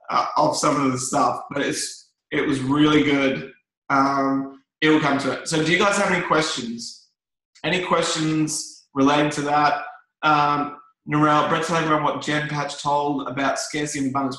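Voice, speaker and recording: A man's voice: on the high side, pushed and bright. Male trainer, loose chatty delivery with lots of "you know", very roomy echo. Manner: casual, repetitive, many fillers and restarts. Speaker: network marketing trainer. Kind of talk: motivational talk to a group. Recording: very echoey room.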